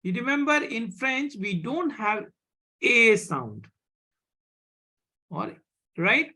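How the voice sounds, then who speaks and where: A teacher with an Indian accent giving a live online French class, speaking slowly, repeating words and checking with "right?". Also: mid-range voice, lively intonation, bright, forceful tone. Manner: slow, repeats words, asks "right?" often.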